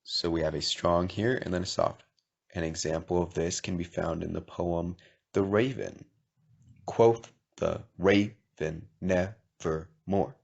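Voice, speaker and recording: A man with a very low voice explains poetry step by step in a video lesson. He pauses to check in with the listener. The sound is dull and lo-fi. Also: steady tone, creaky. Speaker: poetry teacher.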